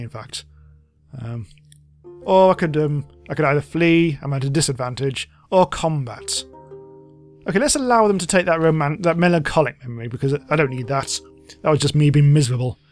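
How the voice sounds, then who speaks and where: A man giving casual, chatty gameplay commentary, reading game text aloud and laughing often. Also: fairly high pitch. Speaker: let's play host.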